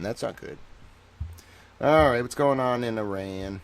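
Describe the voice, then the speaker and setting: Brief: male livestream host, chatty and rambling, reads legal citations slowly, throws in jokey asides, mid-range voice. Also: medium pitch. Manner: slow, deliberate reading of legal citations. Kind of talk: casual livestream commentary.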